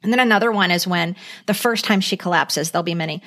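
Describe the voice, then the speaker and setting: A woman's voice: fairly low pitch, fast talker, fairly bright tone. A middle-aged woman co-hosting a podcast, earnestly recounting an old TV movie in casual chat with many fillers. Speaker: podcast co-host.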